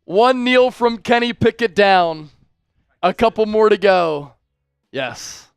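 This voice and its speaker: A high-pitched man hosts a live sports stream, his voice smooth and crisp in a dry, close sound. He speaks slowly and deliberately, reading out viewer donations and cheering on the team. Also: animated, no room sound, soft background music. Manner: chanting and shouting fan cheers.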